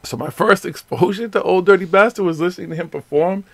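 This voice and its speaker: A man hosting a casual late-night radio chat, telling stories in a loose, profane and animated way. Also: high voice, fast talker, gravelly, no echo. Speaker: radio show host.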